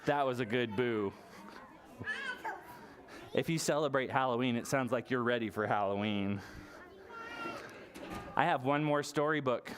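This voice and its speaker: A library storytime leader reading a picture book aloud to toddlers, playful and animated, with gasps and silly sounds. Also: mid-range voice, a little slow, pauses often, noisy background. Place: public library storytime session.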